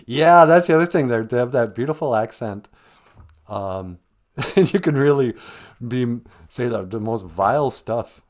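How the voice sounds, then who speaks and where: A man's voice: mid-range voice, a little slow. A man hosting a casual livestream who rambles, chuckles and reads out viewer comments between tangents. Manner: rambling, chuckling, animated asides. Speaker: livestream host.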